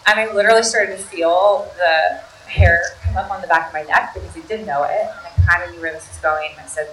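A woman in her thirties telling a personal story to an audience in a chatty, animated way, full of "like". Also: fairly low pitch, fast, reverberant, distant mic, slight background noise, poor audio. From United States (Maryland). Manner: chatty, animated, heavy use of "like".

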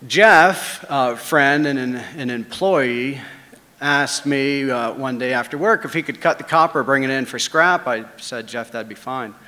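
A man telling a first-person story, swinging between hushed asides and loud dramatic beats. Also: medium pitch, measured pace, big-room sound.

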